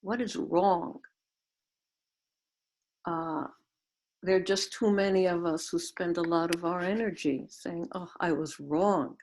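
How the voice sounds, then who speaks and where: A woman's voice: on the low side, fairly even intonation, slow pace, long pauses, darkish tone. Reflective woman giving a Zen talk. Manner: reflective, storytelling with questions to listeners. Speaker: Zen teacher. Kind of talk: dharma talk. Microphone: video call.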